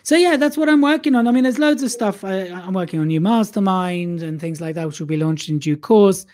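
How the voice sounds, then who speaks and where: A man's voice: high voice, fairly quick, a little mellow. A man guesting on an interview, a public speaking coach who talks chattily, mocks himself and laughs often. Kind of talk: casual interview chat.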